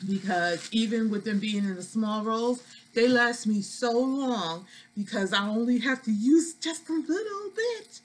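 A woman's voice: medium pitch, measured pace, rough recording. A woman with a New York accent, chatting casually to viewers in a product haul vlog, folksy and talkative. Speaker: vlogger.

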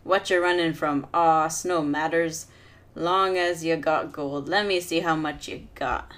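A woman voicing a drunken male pirate sea captain who slurs his words in gruff pirate talk. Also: low-pitched, fairly even intonation, measured pace, fairly bright tone. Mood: drunken, pushy.

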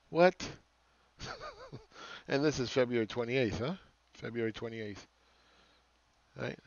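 A man's voice: mid-range voice, measured pace, long pauses, no echo, highs cut off. A man hosting a market commentary channel, ranting sarcastically with exasperation and repeating phrases for emphasis. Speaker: market analyst host.

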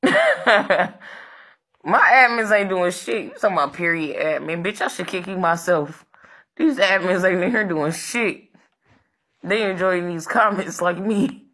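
A woman's voice: lowish voice, expressive, a little slow, fairly bright tone. Brash, swearing woman live streamer. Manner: brash, profane, taunting, bossing her moderators around. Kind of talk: unscripted live stream rant to viewers.

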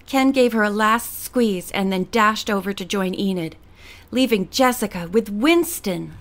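A woman reading a teen novel aloud as an audiobook narrator, steady and expressive. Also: medium pitch, unhurried, slight background noise.

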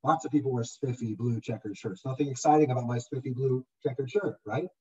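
A man leading a real estate software webinar over a video call, animated and acting out customer voices as he explains. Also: mid-range voice, a little fast, breathy edge. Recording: dull lo-fi audio from far off the mic.

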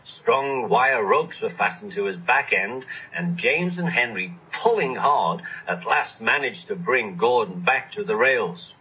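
A man reading a children's storybook aloud, expressive and animated. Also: lowish voice, measured pace, few pauses, breathy edge, poor audio. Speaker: narrator.

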